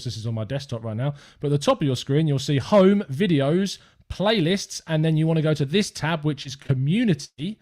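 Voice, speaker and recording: A man's voice: on the high side, darkish tone. A young man with an English accent hosting a live fan-channel stream, chatting upbeat and rambling to viewers from his desk.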